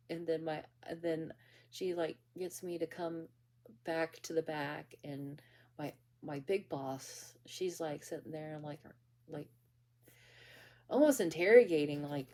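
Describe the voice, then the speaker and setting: A woman's voice: low-pitched, fairly even intonation, moderate pace, a little mellow. A young woman casually telling a story about her bakery job, rambling with many restarts and fillers.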